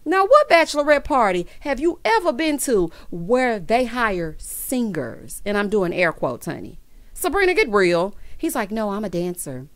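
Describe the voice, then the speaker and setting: A woman's voice: medium pitch, very animated, moderate pace, dry recording. A woman doing a sassy recap of a TV episode, calling the listener child and honey and acting out the characters' lines. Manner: mimics the characters in quoted asides. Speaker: TV recap host. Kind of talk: casual recap commentary.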